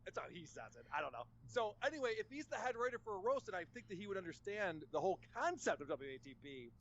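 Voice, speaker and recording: A man's voice: high-pitched, sing-song, quick pace, a bit bright, muffled recording, a little hiss or hum. A man appearing as a guest on a podcast, mocking and sarcastic, often laughing at his own jabs. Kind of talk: casual podcast chat.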